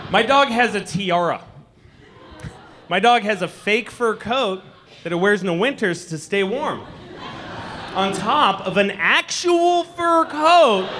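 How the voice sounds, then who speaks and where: A man in his forties doing a stand-up comedy set in a club, animated and acting out people with shouted asides. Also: high-pitched, a little hiss or hum. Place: comedy club stage before a live audience.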